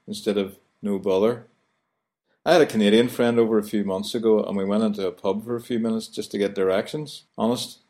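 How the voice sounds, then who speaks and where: Low-voiced Belfast man explaining. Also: steady tone, a little fast, darkish tone. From Northern Ireland. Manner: wry, chatty, illustrative. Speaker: presenter. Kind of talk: scripted explainer on local speech.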